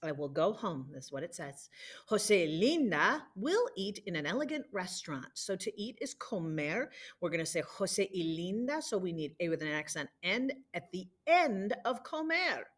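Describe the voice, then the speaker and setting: A woman's voice: on the low side, big pitch swings, normal speed. A woman teaching a recorded language lesson, explaining patiently step by step and leading repetition drills. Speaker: Spanish teacher.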